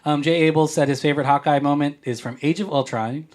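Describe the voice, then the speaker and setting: A man's voice: on the high side, fairly even intonation, fast. A man hosting a podcast, chatting casually and reading listener mail in a playful, joking way. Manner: playful, jokey, rambling. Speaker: podcast host.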